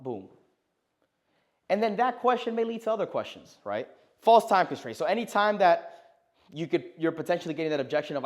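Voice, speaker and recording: A man's voice: fairly high pitch, a little fast. A young man teaching a live sales class, talking with energy and punctuating his points with "right?". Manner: energetic, emphatic, peppers lines with "right?". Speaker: sales coach.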